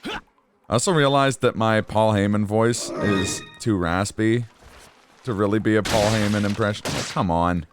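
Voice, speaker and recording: A man's voice: on the low side, moderate pace, music in the background. A man casually commenting as he streams a game, chatty, rambling and self-deprecating.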